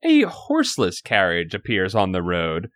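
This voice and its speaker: Lively bright-voiced man. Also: low-pitched, normal speed, no room sound, studio quality. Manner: animated, laughing, swearing often. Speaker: podcast co-host. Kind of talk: casual chat recapping a story.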